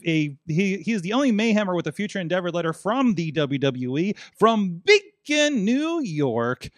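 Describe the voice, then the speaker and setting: A man's voice: sits high, big pitch swings, moderate pace, no room sound, studio quality. A man hosting a wrestling podcast, rambling and joking, laughing often between lines. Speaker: podcast host. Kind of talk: casual chat.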